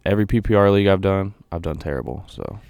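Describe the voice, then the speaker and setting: Low-voiced man hosting sports chat. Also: fast talker, gravelly. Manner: relaxed, runs the segment. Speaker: podcast co-host.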